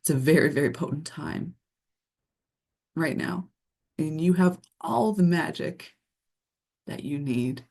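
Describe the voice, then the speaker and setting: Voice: mid-range voice, expressive, gravelly, a little mellow. A retreat leader on a computer video call from a room at home, giving a soothing guided meditation and sharing thoughts with the group. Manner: slow, soothing guided visualization. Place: home room beside an altar.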